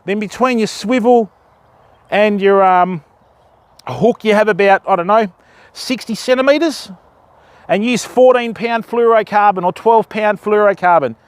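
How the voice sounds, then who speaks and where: Outdoors on a river bank at dusk, an Australian man walks his live-stream viewers through baiting and rigging step by step in a casual way. He speaks at a measured pace in a high-pitched voice, with no room sound.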